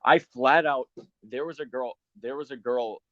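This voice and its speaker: A man's voice: medium pitch, moderate pace, fairly bright tone, no echo. A young man in his late teens in a casual chat, talking heatedly and full of "like" fillers. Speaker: guest. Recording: dry, dull lo-fi sound.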